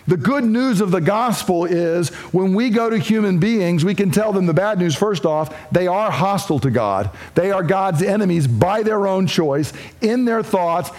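A man's voice: high voice, darkish tone. A man preaching an expository sermon, speaking emphatically and repeating his points for stress. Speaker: pastor.

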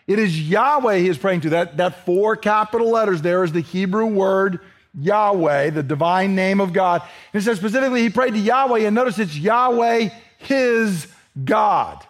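A male pastor preaching an expository sermon, earnest and emphatic, slowing down to read scripture aloud. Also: high-pitched.

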